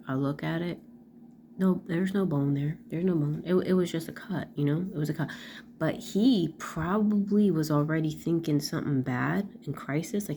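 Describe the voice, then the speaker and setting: A woman's voice: low-pitched, gravelly, warm tone, a little hiss or hum. A middle-aged woman talking casually in a personal vlog, rambling with lots of fillers and restarts. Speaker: vlogger.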